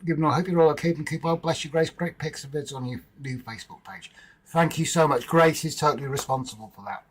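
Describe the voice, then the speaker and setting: A man's voice: fairly high pitch, quick pace, slight background noise, poor audio. A man hosting a casual livestream from home, chatting informally with viewers in the chat and bantering with his partner. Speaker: livestream host.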